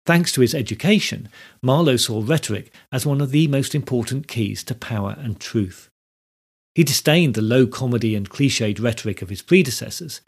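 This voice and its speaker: A man narrating a scripted history lesson in a measured, explanatory way. His voice is gravelly and has a husky edge, sitting at an ordinary middle pitch. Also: animated. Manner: measured, explanatory, reads quotes aloud. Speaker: history podcast host.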